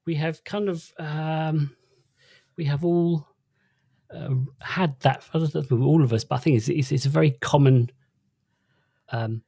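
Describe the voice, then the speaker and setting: A man's voice: fairly high pitch, fairly even intonation, unhurried, vocal fry, long pauses, dark tone, no echo. Easygoing man co-hosting, dry sound. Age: middle-aged. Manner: easygoing, lots of ums and uhs, wry. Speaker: podcast co-host. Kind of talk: casual chat.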